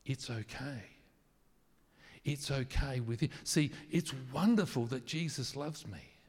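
A man preaching a sermon, earnest and emphatic at times, then soft and intimate. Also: mid-range voice, slow, husky. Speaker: pastor. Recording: long hall reverb.

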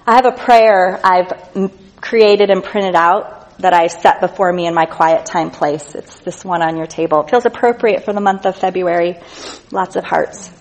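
A woman preaching a sermon, reading scripture with slow, stressed emphasis and going soft and quiet on tender lines. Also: lowish voice, fairly even intonation, rough recording. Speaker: speaker at a church gathering.

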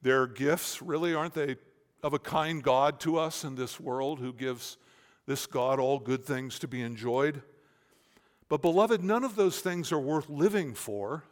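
A man preaching an expository sermon, swinging between forceful stressed words and quiet, searching questions. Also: medium pitch, measured pace. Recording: long reverb of a large hall.

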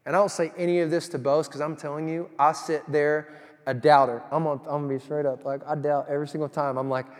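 A man preaching a sermon, telling stories in an animated way that swings from loud to hushed. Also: mid-range voice, fast talker, big-room sound.

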